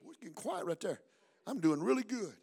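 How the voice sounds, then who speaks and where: A male pastor preaches at a church service with a strikingly high voice. He swings between quiet asides and shouted, chanted lines, calling the congregation to answer back. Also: very animated, quick pace, gravelly, breathy edge. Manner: fiery call-and-response preaching, shouting and chanting. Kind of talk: sermon.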